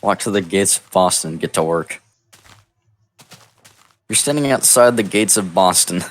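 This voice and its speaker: A man narrating an improvised comedic text adventure in a deadpan, mock-epic storybook manner over a voice call. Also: low voice, normal speed. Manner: deadpan, absurd storybook delivery. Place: online voice call.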